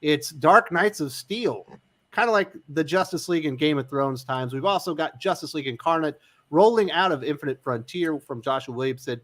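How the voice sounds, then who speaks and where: A man hosting a live comics panel chat, moving the talk along briskly and putting questions to his guests. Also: fairly high pitch, fairly bright tone. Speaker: podcast host.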